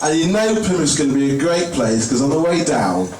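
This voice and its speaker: A man's voice: fairly high pitch, sing-song, fairly quick, darkish tone. A man performing a live stand-up set on a theatre stage, chatting with the audience. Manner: chatty, addresses the crowd directly. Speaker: stand-up comedian. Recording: echoey theatre from far off, noisy.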